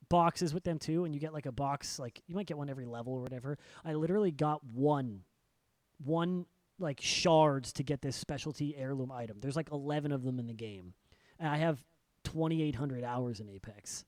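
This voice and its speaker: A man's voice: mid-range voice, moderate pace, darkish tone, no echo. A young man co-hosting a podcast, ranting with exasperation and heavy swearing. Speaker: podcast co-host. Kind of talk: casual podcast rant. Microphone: studio podcast mic.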